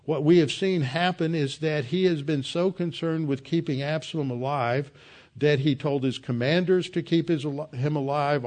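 A man's voice: on the high side, a little mellow. Earnest man preaching a Bible sermon. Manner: emphatic, earnest teaching.

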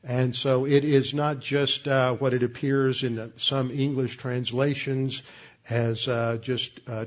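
A man's voice: medium pitch, a little mellow, dull audio. A man teaching through Bible passages verse by verse, explaining word meanings methodically with frequent "uh" restarts.

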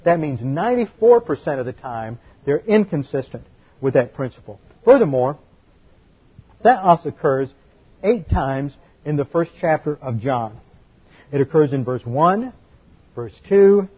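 A man's voice: mid-range voice, breathy edge. A man preaching a teaching sermon, emphatic and methodical, spelling out terms and repeating figures for his listeners to note down. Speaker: pastor. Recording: dull lo-fi recording.

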